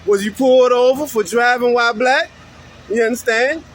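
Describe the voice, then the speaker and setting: American man, very high pitch, slangy preacher-style rebuttal full of rhetorical questions. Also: moderate pace. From United States. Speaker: commentator responding to another video.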